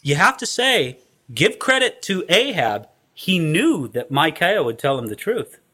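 A man preaches in an animated, storytelling style and acts out the scenes as he reads. His voice sits high and sounds bright and forceful. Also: measured pace. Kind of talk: expository sermon.

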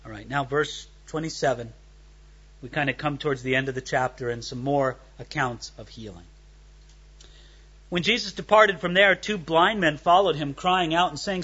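A man's voice: fairly high pitch, lively intonation, moderate pace, sharp tone, slightly rough, dull audio. A man preaching an expository sermon, reading scripture aloud and explaining it verse by verse, acting out the voices in the text. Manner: reads scripture then explains it, dramatizes the speakers. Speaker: pastor.

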